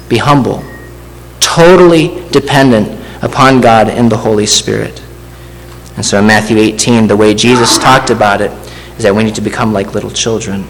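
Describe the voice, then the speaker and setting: A man preaching a verse-by-verse sermon to a congregation in a measured way, with asides like "doesn't he?". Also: mid-range voice. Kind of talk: expository sermon. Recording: long hall reverb with faint hum.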